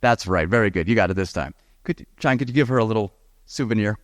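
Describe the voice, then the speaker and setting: A man teaching a live seminar on the speaking exam, lively and encouraging, talking straight to his audience. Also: lowish voice, fast, dry recording, studio quality. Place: event hall with audience.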